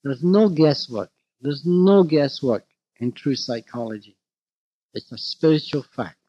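A man giving a storytelling lecture to therapists, animated and anecdotal, acting out bits of dialogue. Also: a little high, measured pace, slight background noise. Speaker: speaker addressing therapists. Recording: dull lo-fi recording.

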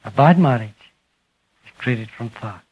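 A husky-voiced man gives a spiritual talk to a gathered group, leaning into key words and letting each phrase sink quietly at its end. The recording sounds muffled and lo-fi, like an old archive tape. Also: medium pitch, expressive. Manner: slow, emphatic, trailing off softly at phrase ends. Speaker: speaker addressing a group. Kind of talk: spiritual talk to a live audience.

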